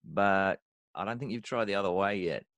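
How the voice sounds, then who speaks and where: A man, a worship mentor, talking in an animated, emphatic way as a podcast guest, often repeating words as he starts a phrase. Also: low-pitched, moderate pace, no echo, lo-fi sound. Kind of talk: conversational interview.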